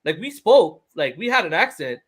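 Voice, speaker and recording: Podcast co-host, man with a high voice who talks animatedly. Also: moderate pace. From Toronto, Canada. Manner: animated, repeats words when starting a thought. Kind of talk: casual chat.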